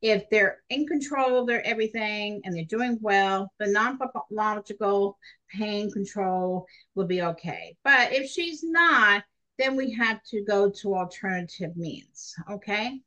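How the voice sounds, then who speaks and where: Middle-aged woman, nursing instructor, lively storytelling lecture to students. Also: mid-range voice, measured pace, low-quality recording. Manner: chatty and animated, addresses students directly. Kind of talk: recorded classroom lecture.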